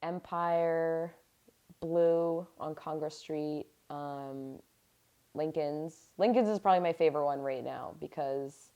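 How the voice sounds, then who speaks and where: A woman talking in a casual interview, relaxed and rambling. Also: sits low, slow, lo-fi sound.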